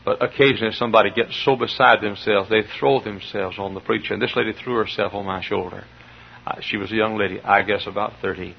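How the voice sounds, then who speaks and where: Fervent preacher man with a gravelly voice. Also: fairly even intonation, fast talker. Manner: fervent preaching that swings from low murmurs to shouted peaks. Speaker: pastor. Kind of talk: sermon. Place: church sanctuary. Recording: dull lo-fi sermon recording.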